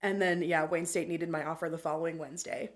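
A woman's voice: deep voice, flat delivery, fast. A woman in her twenties, a podcast guest chatting casually and telling stories full of "like". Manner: chatty storyteller, fills speech with "like". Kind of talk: casual chat. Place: podcast recording.

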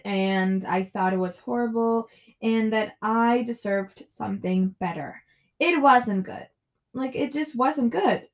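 A young woman hosting her own podcast, chatting casually and ranting with frequent swearing and "like" fillers. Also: a little high. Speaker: podcast host. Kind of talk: casual solo podcast chat.

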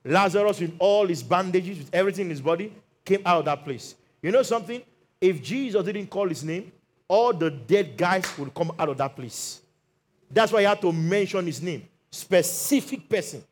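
Brief: male pastor, high voice, lively sermon storyteller who voices the characters and calls for hallelujah. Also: moderate pace. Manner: animated storytelling, acts out Bible quotes.

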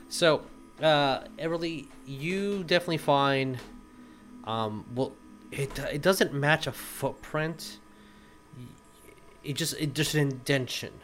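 Slow-talking male game master. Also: medium pitch, a bit bright. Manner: unhurried, pausing with fillers. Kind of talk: narrating a tabletop game.

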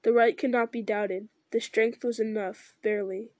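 A woman's voice: on the high side, fairly even intonation, a little mellow, dry recording, natural voice. A woman reading as a grave, weary ranger-king. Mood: solemn. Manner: measured, solemn reading with slips and restarts.

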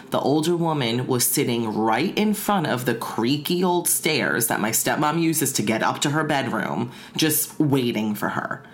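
Very deep-voiced woman telling a spooky story. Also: a little hiss or hum. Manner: chatty, frequent "like" fillers. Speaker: podcast co-host telling a story.

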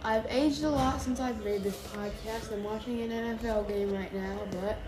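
A woman's voice: fairly high pitch, fairly even intonation, moderate pace, a crowd in the background. A woman hosting a silly improvised podcast, rambling goofily and switching into playful voices. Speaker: podcast host. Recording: noisy home recording with clicks.

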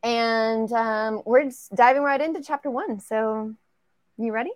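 A woman's voice: a little high, a little slow, no echo. A woman who writes romance novels, reading her own chapter aloud as a guest on a podcast over a video call. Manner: casual, laughs easily between lines.

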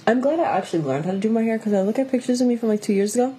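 A young woman co-hosting a podcast, chiming in with blunt, profane remarks and quick agreement. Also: on the high side, animated, mellow, husky. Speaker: podcast co-host. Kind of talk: casual chat.

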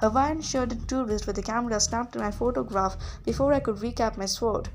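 A woman's voice: fairly high pitch, fairly quick, a little hiss or hum. Woman reading a novel aloud. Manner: lively first-person narration with small slips. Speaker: audiobook reader.

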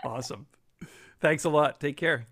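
A man's voice: fairly high pitch, normal speed, fairly bright tone. A man hosting a podcast interview, easygoing and stumbling into restarts. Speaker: podcast host. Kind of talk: casual interview chat.

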